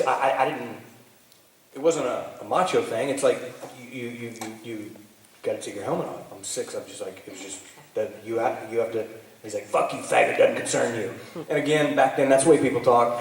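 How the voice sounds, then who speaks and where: A man, telling animated, profane stories at a convention panel, stammering and restarting as he goes. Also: mid-range voice, slight background noise. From Texas. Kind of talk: profane anecdotal storytelling. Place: large convention hall. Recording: roomy hall, voice from far off.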